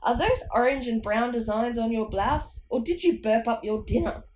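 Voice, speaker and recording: A shrill wooden ventriloquist dummy shrieks mocking insults, high and nasty, voiced by a woman reading a storybook. There is a faint hiss under the voice. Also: expressive, moderate pace, a little mellow, echoey room, natural voice, poor audio. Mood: taunting. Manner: screeching, mocking.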